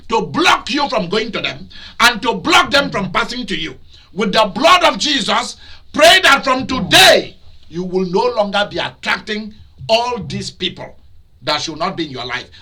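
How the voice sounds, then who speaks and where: Man preaching, high voice, very bright tone, shouted outbursts. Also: breathy edge. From Nigeria. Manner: preaching with loud outbursts and laughter. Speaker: pastor. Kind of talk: sermon.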